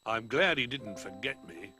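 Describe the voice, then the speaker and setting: A man reading a storybook and voicing a gentle, sleepy old teddy bear who speaks softly and mildly. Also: fairly low pitch, animated, normal speed, soft background music. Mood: fond.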